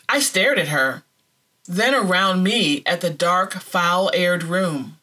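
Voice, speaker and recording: A woman reading a devotional book excerpt aloud in a measured, unhurried storytelling manner. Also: lowish voice, animated, bright, forceful tone. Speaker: reader.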